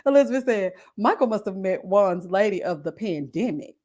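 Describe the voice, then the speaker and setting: A woman's voice: mid-range voice, moderate pace, a little mellow, slightly rough. A woman hosting a casual live-stream commentary, reading chat comments in a sassy voice and laughing often. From Texas. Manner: sassy, laughs often, puts on voices when quoting people.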